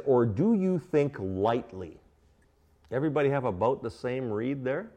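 A middle-aged male pastor preaching an expository sermon, questioning his congregation and swinging between emphatic bursts and quiet asides. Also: a little high. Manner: animated teaching, asks the congregation questions. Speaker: pastor teaching a Bible study.

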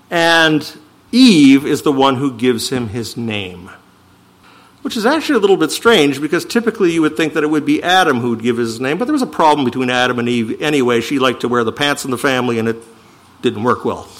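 Emphatic male preacher with lively pitch. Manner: emphatic, swings from slow declaiming to quick asides. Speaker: pastor. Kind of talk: sermon with scripture reading.

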